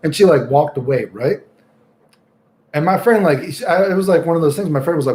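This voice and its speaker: A man's voice: a little high, lively intonation, brisk, a little mellow. A young man streaming live, chatting casually and rambling through stories with lots of swearing. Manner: rambling, casual, swears often, many fillers.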